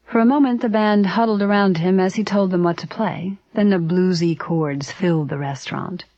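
A woman narrating a story aloud in a steady, even reading voice. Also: on the low side, moderate pace, dry recording. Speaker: audiobook narrator. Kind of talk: scripted narration. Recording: dry, slightly dull recording.

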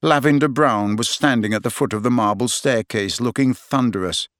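A man narrating a story in a steady, expressive reading voice on a close microphone. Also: medium pitch, moderate pace, no echo. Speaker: audiobook narrator. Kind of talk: scripted narration.

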